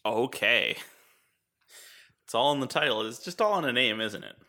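A man's voice: medium pitch, lively intonation, normal speed, sharp tone. A man co-hosting a podcast in casual chat, cracking jokes and swearing freely. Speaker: podcast co-host.

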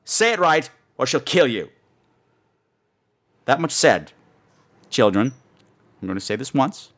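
Campy, lively male podcast host. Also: mid-range voice, a little slow. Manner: campy, chatty, theatrical. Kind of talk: casual monologue.

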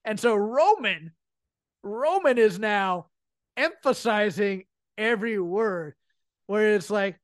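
A woman's voice: medium pitch, lively intonation, takes it slowly, no room sound. A woman co-hosting a podcast, chatting casually about wrestling comedy and laughing often as she breaks scenes down. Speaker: podcast co-host. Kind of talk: casual wrestling commentary chat.

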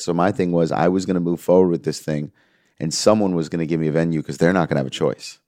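A man's voice: deep voice, fast talker, no echo, clean studio sound. A man, an interview guest telling an earnest story and quoting the people he talks about. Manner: earnest, quotes others in lively voices. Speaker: music manager, interview guest.

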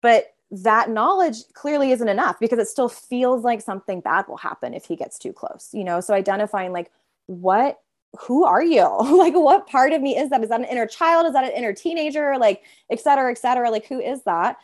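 A woman therapist talking casually in an interview, filling her speech with "like" and briefly voicing her own inner parts. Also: a little high. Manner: chatty, heavy use of filler "like"; voices her inner parts in quick asides.

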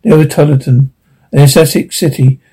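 Mellow male audiobook narrator. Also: a little high, steady tone, husky, poor audio. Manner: halting, stumbling reading. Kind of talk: sci-fi audiobook reading.

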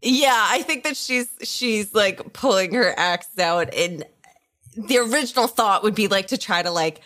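Animated, giggly woman player. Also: mid-range voice, unhurried. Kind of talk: tabletop game play.

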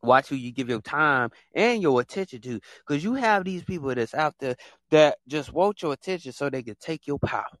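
A man hosts a casual, rambling monologue. His voice sits a little high and swings widely as he repeats phrases and mimics other people. The sound is dry and close, with no room echo. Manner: animated, repetitive, acts out other people in quick put-on voices. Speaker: podcast host.

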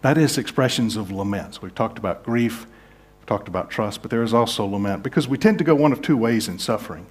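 A man preaching a sermon as pastor, earnest, moving between hushed, slow passages and emphatic, raised ones. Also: fairly low pitch, expressive. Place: church sanctuary.

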